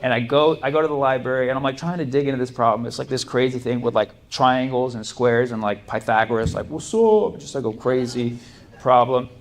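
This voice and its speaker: A man's voice: medium pitch, flat delivery, fast, few pauses. A young man doing a stand-up comedy set on a club stage, chatty and loose, laughing through his punchlines. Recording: live club recording with audience noise.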